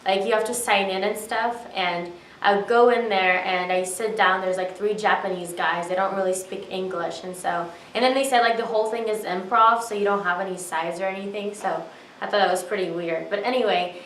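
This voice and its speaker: A woman's voice: medium pitch, fairly bright tone, slight background noise. A young woman chats through an audition story, piling up fillers and playing out her own reactions as she goes. She sounds a bit far from the mic in a roomy space, with faint ambience behind her. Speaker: actor telling an audition story. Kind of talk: casual storytelling to camera.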